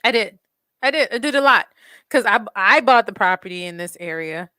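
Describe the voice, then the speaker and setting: A woman hosting a podcast, telling a story in an animated, blunt way, swearing freely and acting out quotes. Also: mid-range voice, normal speed, smooth, dry recording. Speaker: podcast host. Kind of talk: casual storytelling chat.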